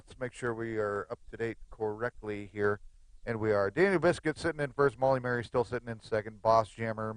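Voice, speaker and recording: A man's voice: mid-range voice, dry recording. Man, poker commentator, casual play-by-play, joking asides, dry close sound.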